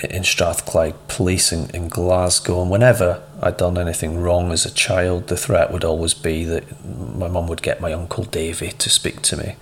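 A man hosting a podcast, giving a measured, conversational talk with a personal story. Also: deep voice, slight background noise. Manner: measured, conversational, with small restarts. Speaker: podcast host. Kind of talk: instructive monologue and anecdote.

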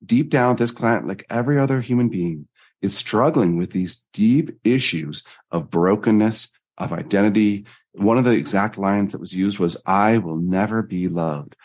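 A man, a life coach, telling personal stories in an earnest, animated interview style. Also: moderate pace. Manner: earnest, animated storytelling with jumps in pitch. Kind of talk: conversational interview storytelling.

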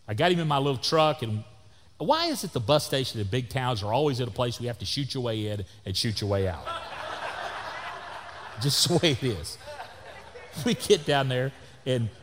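Brief: male pastor, storytelling sermon, mid pitch, long church reverb. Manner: folksy storytelling with acted quotes, swings from loud to soft.

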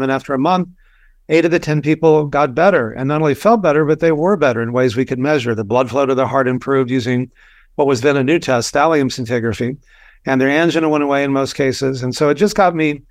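Older male doctor from Texas, relaxed storyteller, dry recording. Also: medium pitch, fast, no room sound. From Texas, USA. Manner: relaxed, anecdotal, many fillers and restarts. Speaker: physician guest. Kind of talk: conversational storytelling.

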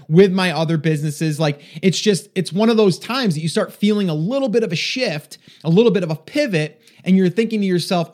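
A man hosting a podcast, introducing an episode in an energetic, rambling way, a little out of breath. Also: fairly high pitch. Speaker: podcast host.

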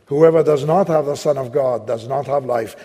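A man preaching with a Latin American accent, telling a personal story and then slowly leading the listeners in prayer, acting out both sides of the dialogue. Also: medium pitch, warm tone. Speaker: evangelist preacher. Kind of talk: sermon with personal story and altar-call prayer. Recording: long hall reverb.

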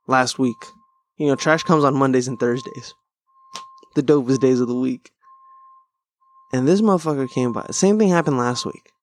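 A man hosting a casual solo podcast, rambling, swearing and poking fun at himself. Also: mid-range voice. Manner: rambling, profane, self-deprecating. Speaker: podcast host and stand-up comic.

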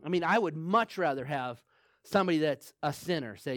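A man's voice: sits high, lively intonation, moderate pace, fairly bright tone, dry recording, clean studio sound. A man preaching a sermon in a conversational way, telling a personal story, repeating phrases for emphasis and laughing often. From small town. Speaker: pastor.

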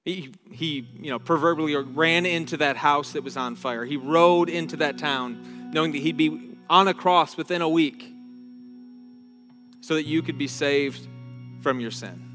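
A man preaching a sermon in an earnest, unhurried way, often stumbling over a phrase and starting again. His voice sits a little high for a man. It rings out with a long echo, and faint guitar plays underneath. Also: pushed and bright. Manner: earnest, halting restarts, slows down on key words. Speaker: pastor.

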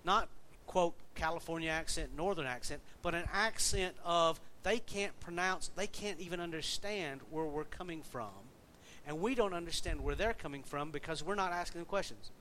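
Man preaching, talky and conversational, slightly high voice, faint low rumble behind. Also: moderate pace, pushed and bright. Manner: conversational, asks the congregation questions. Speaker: pastor. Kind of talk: sermon.

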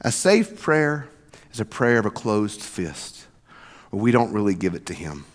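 A man preaching a sermon as pastor, swinging from loud emphatic passages to soft near-whispers. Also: lowish voice, very animated, unhurried, in a large hall. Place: church sanctuary.

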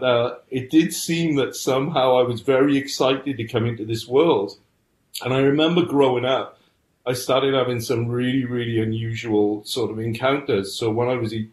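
With a medium-pitched, darkish voice, a middle-aged Englishman guesting on a podcast tells his own story earnestly. His storytelling keeps restarting mid-thought, and the audio has a roomy echo.

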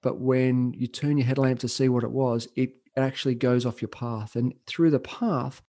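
A man telling a personal story as a podcast guest, earnest and emotional, with reflective pauses. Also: medium pitch, warm tone. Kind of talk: storytelling interview.

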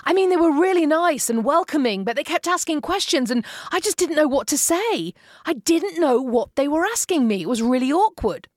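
A woman's voice: high voice, big pitch swings, normal speed, dry recording, studio quality, voice pushed up. A woman voicing a friendly young male American waiter who talks in an earnest, chatty way.

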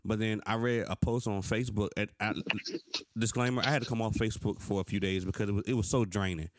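A man in his thirties speaks in a fairly low voice, earnest and conversational. He tells personal stories with animation. The sound is dry and close, with no room echo. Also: quick pace. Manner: earnest, animated storytelling, rising pitch when frustrated. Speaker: podcast co-host. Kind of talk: casual conversation.

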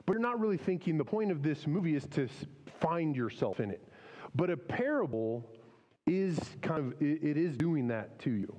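Male pastor, relaxed chatty preaching style, slightly high voice, long hall reverb. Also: normal speed. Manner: conversational, many fillers and restarts. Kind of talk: casual sermon.

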